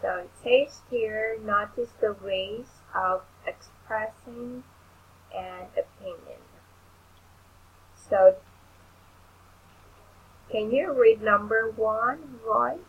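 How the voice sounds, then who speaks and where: Slow, patient woman tutor. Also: medium pitch, dull audio, a little hiss or hum. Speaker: English tutor. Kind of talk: online English lesson.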